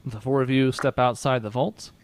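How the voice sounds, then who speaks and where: A man's voice: medium pitch, fairly even intonation, normal speed, no room sound. Man running a tabletop game, dry sound. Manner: reads rules aloud, laughs between lines. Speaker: game master.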